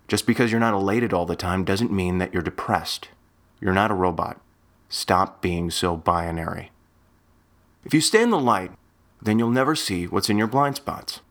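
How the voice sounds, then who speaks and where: A man with a very low, deep voice talks through a scripted spoken-word piece. His delivery is wry and deadpan, with each line set up to land as a pointed turn of phrase.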